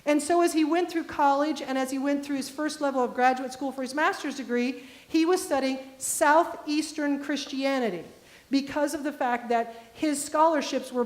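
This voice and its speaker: A woman's voice: sits high, moderate pace. A woman pastor from the American Midwest, preaching a conversational storytelling sermon and putting direct questions to the congregation. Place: church sanctuary. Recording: echoey church sanctuary.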